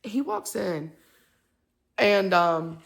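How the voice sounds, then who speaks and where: A woman's voice: mid-range voice, animated, very slow, vocal fry. A mother, telling a story to the camera in a rambling, heated way full of fillers. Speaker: mother and vlogger.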